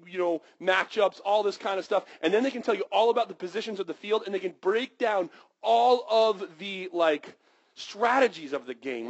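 In a roughly recorded sermon, a lively preacher tells stories and voices characters with abrupt, high-pitched yelps. At reverent points he drops to a hushed tone.

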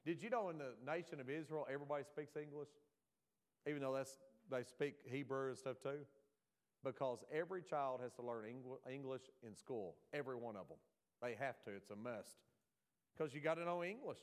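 Folksy Southern preacher man, joking. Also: medium pitch. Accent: American Southern. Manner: folksy, joking, quick asides to the congregation. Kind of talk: sermon.

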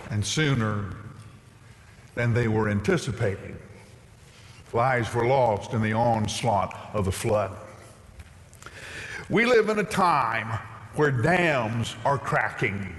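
A man's voice: mid-range voice, animated, slow pace, pauses often, fairly bright tone. Man preaching in a reverberant hall. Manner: preaching with rising emphasis, reads scripture aloud. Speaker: pastor. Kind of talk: sermon. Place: church sanctuary. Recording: long reverb in a large hall.

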